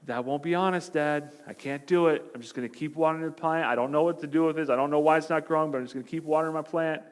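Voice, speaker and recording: A male pastor voicing an honest young boy in a parable, speaking quickly and earnestly. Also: fairly high pitch, fairly even intonation, smooth, voice pushed up, natural voice.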